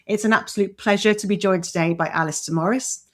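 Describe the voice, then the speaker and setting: A woman's voice: medium pitch, fast talker. A woman hosting an interview podcast, chatty and encouraging, with frequent fillers and restarts. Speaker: podcast host.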